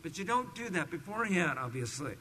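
A middle-aged pastor with a fairly high voice for a man preaches to his congregation. He is animated, pushing some points out loud and dropping others to a near-murmur. A faint hiss sits under his voice. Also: fairly quick, rough recording. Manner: animated storyteller, swings between loud emphasis and hushed asides. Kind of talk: expository sermon with personal stories.

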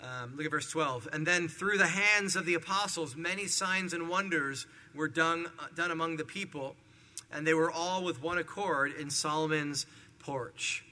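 A man preaches a sermon, working through verses and acting out scenes with lively energy. His voice is very bright and sits a little high. A long hall reverb trails his words. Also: moderate pace. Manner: animated preaching with acted-out scenes. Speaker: pastor.

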